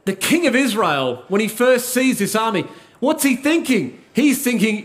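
A man's voice: very high voice, big pitch swings, moderate pace. A man preaching a sermon, asking rhetorical questions and repeating key lines for emphasis.

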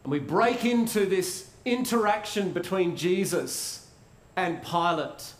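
A man preaching a sermon in a conversational way, asking rhetorical questions and pausing for effect. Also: high voice. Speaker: pastor. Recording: roomy echo.

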